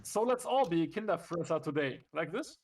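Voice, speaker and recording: Cheerful high-voiced man. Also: expressive, normal speed, gravelly, a little mellow. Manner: cheerful, laughs often. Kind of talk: casual chat. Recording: distant mic.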